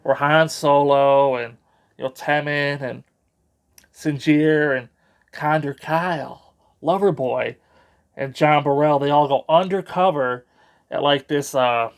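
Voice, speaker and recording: A man's voice: a little high, slow pace, smooth. A man giving a casual, rambling spoken book review with a sarcastic edge.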